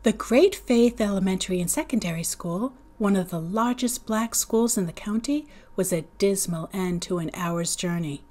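A woman's voice: normal speed, few pauses. A woman, a teacher, reading a novel aloud to students, raising her voice for the children's lines. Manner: acts out the children's lines in higher, louder voices. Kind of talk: read-aloud storytelling.

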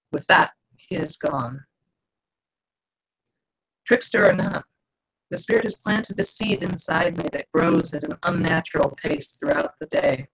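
A woman reads her novel aloud in measured first-person narration. Her voice is husky with a gravelly rasp, and it comes through a dull, lo-fi video call. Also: deep voice. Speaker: author.

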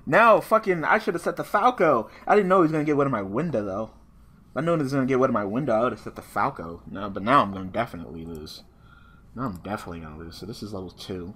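A man's voice: medium pitch, fast, breathy edge. A man giving casual live commentary on his online card game match, swearing freely and talking at his opponent. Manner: profane, excitable, talks to his opponent.

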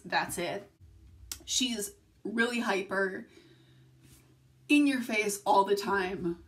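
A woman's voice: medium pitch, a bit bright. A young woman vlogging casually from home at night, rambling through tangents and swearing often. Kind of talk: casual confessional vlog. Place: home room, filmed at night.

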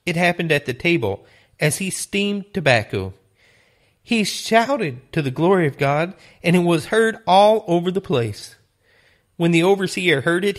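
A man teaching a Bible lesson, retelling stories in a deliberate, earnest way. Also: high-pitched. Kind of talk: sermon storytelling.

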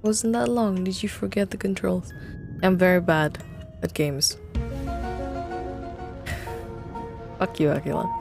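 Young woman, game streamer, slow and gravelly, jumpy and foul-mouthed, faint music underneath. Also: mid-range voice, big pitch swings. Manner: jumpy, swears a lot, talks to chat. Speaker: streamer playing a horror game. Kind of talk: live gameplay commentary.

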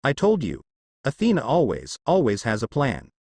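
A man's voice: mid-range voice, huge pitch swings, normal speed, darkish tone, slightly rough, no room sound, studio quality. A man voicing a clever, confident teenage girl strategist.

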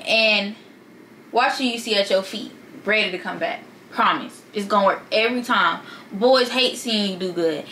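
A woman's voice: medium pitch, moderate pace, sharp tone, slight background noise, poor audio. A young woman vlogger giving casual, sassy advice straight to her viewers in slangy talk.

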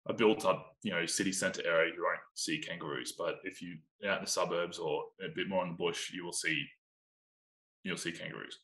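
A man's voice: deep voice, steady tone, fairly quick, a bit bright, rough recording. A man from Australia with a mild Australian accent, chatting casually as a podcast guest, laid-back and swearing freely. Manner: laid-back, swears often, laughs easily. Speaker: guest, pro volleyball player.

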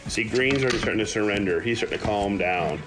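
A man who breeds dogs, chatting casually to viewers while filming his puppies at play and often cooing to them in a high voice. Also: fast, background noise. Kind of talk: casual running commentary to viewers.

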